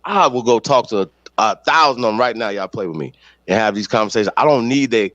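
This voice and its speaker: A man's voice: fairly low pitch, animated, brisk, a bit bright, dry recording. A man hosting a podcast, delivering heated, profane, confrontational commentary. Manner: ranting, blunt, confrontational. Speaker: podcast host. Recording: dull lo-fi sound, dry.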